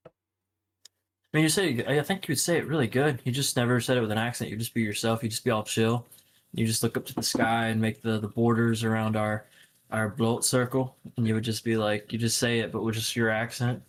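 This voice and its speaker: A man's voice: medium pitch, steady tone, brisk, a little hiss or hum. A young man co-hosting a podcast in casual chat, rambling with lots of fillers and swearing. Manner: rambling, full of fillers and profanity. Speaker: podcast co-host.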